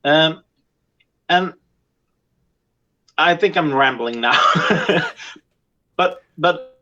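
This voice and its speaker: A man's voice: a little high, extremely slow, sharp tone. A man from Norway with a Norwegian accent, a guest in a casual online chat, talking hesitantly with many fillers over a video call. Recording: dull lo-fi call audio.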